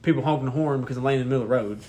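A man's voice: mid-range voice, racing, mellow. A young man co-hosting a podcast, telling a rambling, profane story in casual chat and laughing as he goes. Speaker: podcast co-host.

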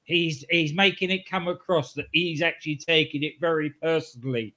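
A man's voice: fairly high pitch, steady tone, moderate pace, pushed and bright. A man co-hosting a casual wrestling podcast, telling rambling anecdotes and chuckling at his own jokes. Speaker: podcast co-host.

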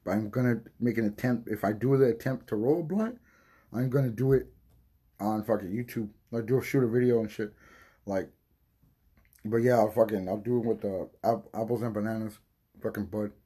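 A man hosting a podcast, rambling and swearing in a casual monologue while high and coughing from smoking. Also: fairly quick, warm tone, slightly rough. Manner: rambling, profane, loses his train of thought. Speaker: podcast host.

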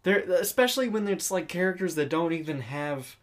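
This is a podcast co-host in a loose, casual chat about films. The talk rambles and swears a lot, with frequent halting restarts mid-sentence. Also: medium pitch, expressive. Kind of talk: casual movie review chat.

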